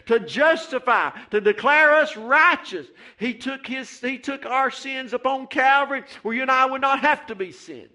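A man's voice: extremely high pitch, animated, normal speed, hardly any pauses, sharp tone. A man preaching a fervent sermon in church, repeating phrases and calling out "Amen.". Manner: fervent, repetitive, calls out "Amen" and "Hey".

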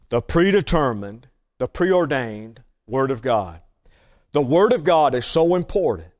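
A man's voice: mid-range voice, sing-song, measured pace, a little mellow. A man preaching a teaching sermon to a congregation, emphatic and repeating his key phrases.

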